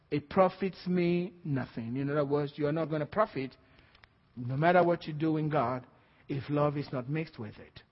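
High-voiced passionate male preacher. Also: normal speed, slightly rough, in a large hall, dull audio. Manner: passionate preaching, rising to shouts. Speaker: pastor. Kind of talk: sermon.

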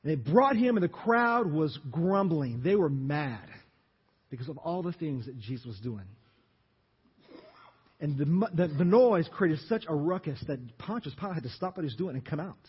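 A man preaching a sermon as pastor, telling the story dramatically and acting out the crowd's shouts. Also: a little high, animated, normal speed, slightly rough. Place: church sanctuary. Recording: dull reverberant church recording.

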